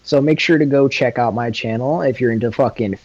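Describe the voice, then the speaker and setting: A man at ordinary pitch rambles through an improvised story in loose, profane chat. He laughs easily and keeps it laid-back. The sound is dry and close. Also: brisk, darkish tone, dry recording, highs cut off. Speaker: guest YouTuber.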